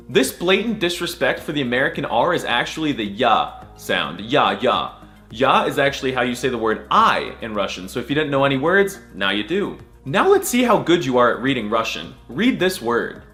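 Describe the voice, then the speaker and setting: Animated man joking through an alphabet lesson. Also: medium pitch, moderate pace, soft background music. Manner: exaggerated mock-serious delivery with sudden squeals. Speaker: comedy language tutor.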